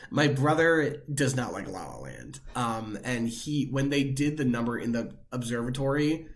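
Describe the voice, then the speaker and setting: A young man co-hosting a pop culture podcast in casual chat. His pitch sits mid-range for a man. He talks loosely, circling back with plenty of filler words. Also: lively intonation, unhurried. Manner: rambling, many "like" fillers. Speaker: podcast co-host.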